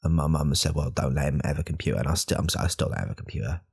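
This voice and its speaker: Brief: man doing a very low, husky alpha-bro podcaster in whispered role-play, rambling and self-important. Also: expressive, very fast, full character voice. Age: 30s. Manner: hushed, rambling, self-correcting. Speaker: podcast host.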